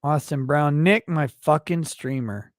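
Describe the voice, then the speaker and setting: A man's voice: fairly high pitch, unhurried, no echo, clean studio sound. Brash, profane man hosting a livestream. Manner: brash, profane, mock-indignant ranting. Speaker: livestream host reading super chats. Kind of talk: crude comedic livestream banter.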